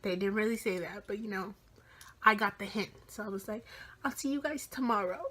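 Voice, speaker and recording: Young woman vlogger, 18, excited storytelling with heavy swearing and whispered asides. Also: mid-range voice, brisk, breathy edge. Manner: animated, swears a lot, drops into whispers. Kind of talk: casual storytime vlog.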